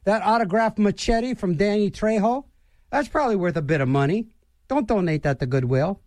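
A man's voice: sits high, lively intonation, moderate pace, darkish tone, no echo, clean studio sound. A man hosting a radio show, rambling through jokey asides and banter between songs. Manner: wisecracking, meandering, with sighs and jokey asides.

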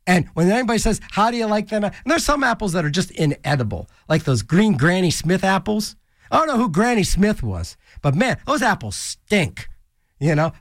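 A man with a high, fairly bright voice runs a college radio show in a small studio, goofing around with rambling, joking asides and silly voices between tracks in casual DJ banter. The studio microphone picks up no room sound.

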